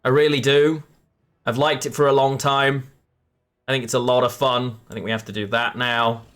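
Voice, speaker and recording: A man's voice: medium pitch, little pitch movement, normal speed, fairly bright tone. A man live-streaming a card game, chatting with viewers and correcting himself as he plays. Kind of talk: live game commentary to chat.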